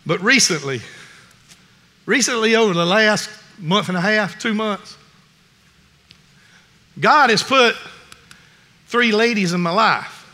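High-voiced preacher. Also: male voice, sharp tone. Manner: earnest, repetitive restarts, folksy. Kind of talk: sermon. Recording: long reverb in a large hall.

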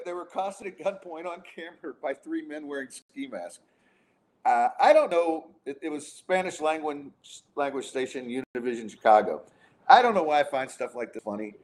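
A man's voice: a little high, a little mellow. A man hosting a casual podcast, ranting in an exasperated way with frequent restarts. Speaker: podcast host. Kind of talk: casual chat and rant.

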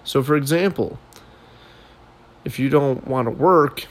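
A man's voice: medium pitch, a little slow. A young man co-hosting a podcast from a studio apartment, chatting casually and teasing his co-host. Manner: joking, teasing. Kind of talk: casual chat.

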